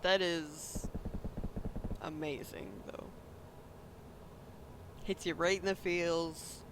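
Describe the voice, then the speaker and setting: Man, high voice, relaxed casual game commentary. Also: extremely slow, background noise. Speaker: gamer.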